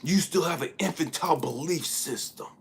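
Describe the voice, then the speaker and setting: Husky, profane man preaching bluntly. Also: a little high, normal speed. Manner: profane, preachy, drops into whispers for emphasis. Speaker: spiritual speaker. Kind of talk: blunt spiritual monologue.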